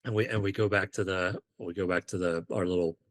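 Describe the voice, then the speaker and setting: Low-voiced man telling war stories. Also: fairly quick. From United Kingdom. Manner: animated, acts out quoted dialogue. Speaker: podcast guest, former Marine. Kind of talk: casual storytelling.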